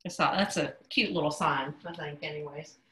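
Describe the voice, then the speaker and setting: A woman teaches sign language on a video call, casual and chatty, often stopping to correct herself. Her voice sits a little low but comes through bright and forceful. The room around her computer mic is noticeably echoey. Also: steady tone, normal speed. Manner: chatty, self-correcting, says "y'all" and "yep" often. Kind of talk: casual online class teaching.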